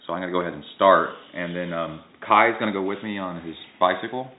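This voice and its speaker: A man's voice: low-pitched, fast talker. A man who coaches triathlon and hosts the show, chatting casually and joking at home. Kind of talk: casual chat. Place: home in a suburban neighborhood. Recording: echoey, phone-like lo-fi audio.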